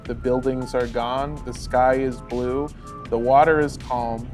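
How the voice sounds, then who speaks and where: A man narrating as game master of a comedy tabletop role-play, relaxed and filling his pauses with "uh". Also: mid-range voice, soft background music. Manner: relaxed, many "uh" fillers.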